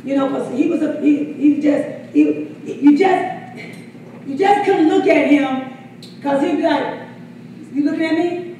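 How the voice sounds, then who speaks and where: A woman's voice: high voice, a little slow, mellow, a little hiss or hum. A woman pastor telling a story in a sermon, laughing often and acting out quotes. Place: church hall. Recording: echoey hall from far off.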